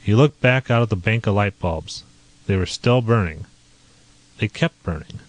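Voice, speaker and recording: A man narrating a novel as an audiobook reader in a steady, even storytelling manner. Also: fairly low pitch, normal speed.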